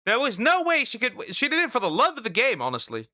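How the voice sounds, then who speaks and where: A man giving a casual vtuber reaction, full of sarcastic, mocking asides. His voice is bright and swings widely in pitch, and the sound is close and dry with no room echo. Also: wildly swooping pitch, fast. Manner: repeats "right?" as a tag. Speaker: vtuber reacting to online drama.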